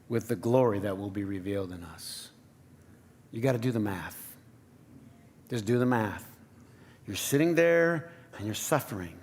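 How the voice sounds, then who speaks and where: A man preaching a sermon to his congregation in a conversational, playful way, often asking the room questions. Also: mid-range voice. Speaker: pastor. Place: church sanctuary.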